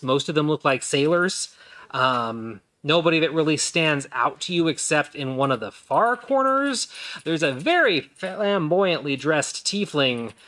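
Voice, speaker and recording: A man's voice: on the high side, bright, forceful tone. A man narrating a tabletop game as game master, describing the scene in detail with frequent ums. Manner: descriptive, hesitant with many ums.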